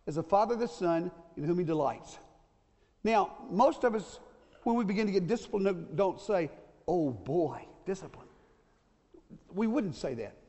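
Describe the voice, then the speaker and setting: A man's voice: sits high, darkish tone. A man in his sixties preaching a sermon, folksy, repeating his key points and checking in with the congregation. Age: 60s. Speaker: pastor. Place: church sanctuary. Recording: long church reverb.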